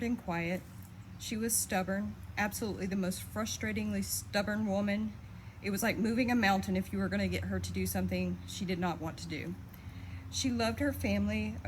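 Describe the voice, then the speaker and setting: A woman reading a eulogy for her mother, steady and heartfelt, fondly reminiscing. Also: mid-range voice, a little hiss or hum, rough recording. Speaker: daughter giving a eulogy. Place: memorial service.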